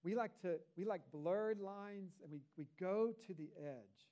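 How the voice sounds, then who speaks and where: High-voiced man preaching a sermon. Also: measured pace, mellow, muffled recording. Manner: conversational preaching with rhetorical asides. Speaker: pastor.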